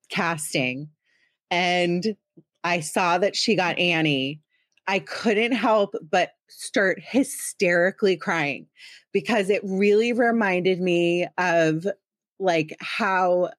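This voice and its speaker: A woman in her thirties hosts a podcast in a chatty, teasing and self-deprecating way. Her voice sits a little low, and the sound is dry and close with no room echo. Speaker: podcast host. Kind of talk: casual chat.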